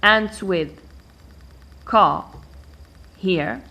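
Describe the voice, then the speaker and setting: A woman teaching an English pronunciation lesson, counting syllables aloud slowly and deliberately. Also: mid-range voice, gravelly, bright, forceful tone. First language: Arabic.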